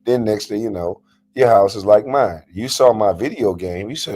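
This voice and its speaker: A man's voice: fairly low pitch, normal speed, a little mellow. A man ranting in a confrontational, profane reaction vlog, mocking and calling someone out. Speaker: commentator reacting to a panel clip. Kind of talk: heated reaction vlog rant.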